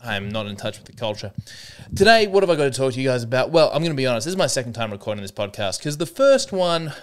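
A man's voice: mid-range voice, sing-song, fast, clear, resonant tone. A young man hosting a comedy podcast alone, talking in a rambling, wry and self-mocking way. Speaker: podcast host. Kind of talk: comedic solo podcast monologue.

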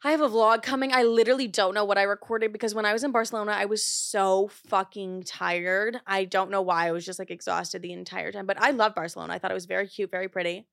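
A woman hosts a podcast in loose, chatty talk, packed with "like" and swear words. Her voice sits in a middle pitch, and her speech is recorded dry and close, with no room echo. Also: steady tone, quick pace, gravelly, few pauses, fairly bright tone. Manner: chatty, profane, heavy use of "like"; gets heated while telling a story. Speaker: podcast host. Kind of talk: casual chat.

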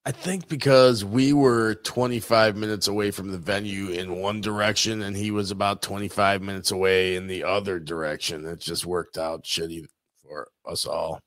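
A man's voice: low-pitched, steady tone, moderate pace, fairly bright tone, no room sound. A man co-hosting a casual chat, laid back and chiming in with short remarks. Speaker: co-host.

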